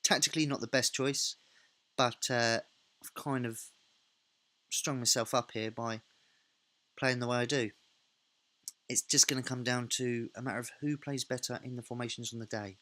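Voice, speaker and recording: A man's voice: medium pitch, fairly even intonation, moderate pace, pauses often, sharp tone. A man hosting a let's play, thinking aloud in a casual, self-correcting way while he narrates a football management game.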